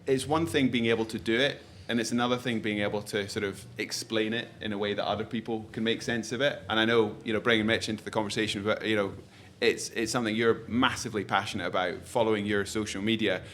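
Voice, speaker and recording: A man hosting a live podcast conversation, talking quickly with many restarts and rambling asides. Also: fairly low pitch, fairly even intonation, fairly bright tone. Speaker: podcast host. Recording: faint ambient noise, live event.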